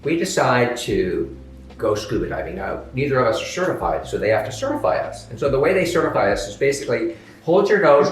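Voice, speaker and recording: A man as an interview guest, telling stories in a lively, upbeat way. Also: on the high side, slight background noise. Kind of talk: casual interview chat. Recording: echoey, distant mic with faint music.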